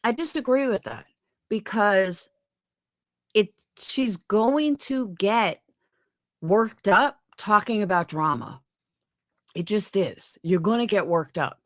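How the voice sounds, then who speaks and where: Angry ranting woman streamer, lively pitch. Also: takes it slowly, long pauses, no echo, clean studio sound. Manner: angry, profane, rhetorical questions. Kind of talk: ranting live-stream commentary.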